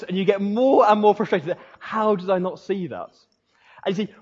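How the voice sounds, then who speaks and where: Guy preaching a sermon, kinda husky, big echo from the hall, dull sound. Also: high-pitched. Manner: storytelling, animated, dropping to a hushed voice for emphasis.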